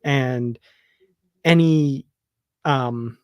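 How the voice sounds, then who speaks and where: A man talks slowly and warmly about a favorite series, laughing often and filling pauses with ums. His voice sits at a middling pitch. The sound is dry and close, with no room behind it. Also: dry recording, highs cut off. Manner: enthusiastic, laughs often, many fillers. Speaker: podcast co-host. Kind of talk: casual fan discussion.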